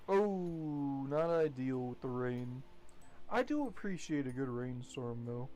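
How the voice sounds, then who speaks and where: A man's voice: mid-range voice, lively intonation, slow pace, darkish tone, a little hiss or hum. A man rambling casually while commentating his gameplay, chatty and swearing now and then. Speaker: gaming streamer.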